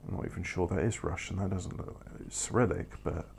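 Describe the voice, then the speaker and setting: A man with a low voice and vocal fry talks briskly through casual let's-play commentary while building factories in a game, with slight background noise. He rambles, corrects himself and makes wry asides.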